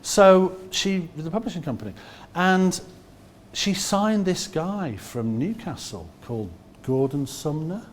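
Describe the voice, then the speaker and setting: A man in his sixties from Liverpool with a Liverpool accent, telling anecdotes in a lively way and acting out other people's voices with quick asides. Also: a little high, slight background noise. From Liverpool, England. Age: 60s. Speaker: musician telling stories. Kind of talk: anecdotal storytelling.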